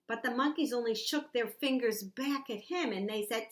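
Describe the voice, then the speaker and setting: A woman teacher reading a picture book aloud to young children, animated and asking them questions. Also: on the high side, brisk, few pauses, slight background noise. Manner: animated, asks the listener questions. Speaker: preschool teacher.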